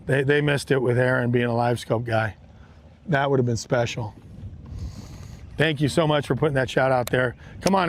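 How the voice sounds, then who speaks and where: A man hosting a live fishing stream from a boat on a lake, talking excitedly to his viewers. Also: medium pitch. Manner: excited, exclamatory, talks straight to viewers. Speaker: fishing livestream host.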